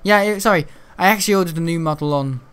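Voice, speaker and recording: A man giving rambling, chatty gameplay commentary, laughing often and breaking into excitable outbursts. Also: on the high side, fast talker, clear, resonant tone. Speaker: gaming channel host.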